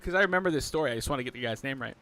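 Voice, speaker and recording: A man giving casual commentary on an online race, telling stories with growing excitement. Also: mid-range voice, very fast. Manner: excitable storyteller, voice jumps up when thrilled.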